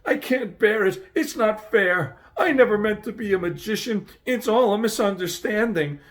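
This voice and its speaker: A man putting on a fussy old gentleman from a storybook, his voice shrill and quavering, wailing high and loud, the pitch leaping wildly as he protests. The trembling old man sounds close to a scream. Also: lively intonation, moderate pace. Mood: panicked wailing.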